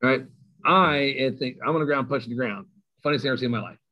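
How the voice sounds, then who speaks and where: A middle-aged man, a high school football coach, animatedly telling a self-mocking story in an interview. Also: fast talker, dull audio.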